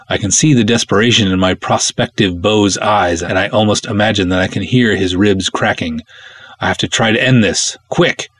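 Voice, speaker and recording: A man, the show's host, reading a wry first-person pulp adventure story aloud with lively drama. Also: lowish voice, breathy edge.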